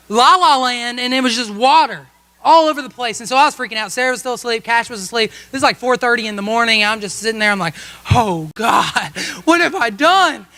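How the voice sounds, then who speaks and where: A man's voice: high-pitched, pushed and bright, clear, resonant tone. A man preaching a sermon as a pastor, telling a humorous story about himself and often checking in with the congregation with "okay?". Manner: humorous, self-mocking storytelling with frequent "okay?" asides to the congregation. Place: church service.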